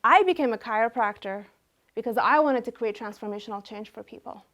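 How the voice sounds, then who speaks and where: A woman chiropractor in her thirties telling a personal story with animated delivery, acting out what people said. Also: a little high, fairly quick. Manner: animated, acts out quotes.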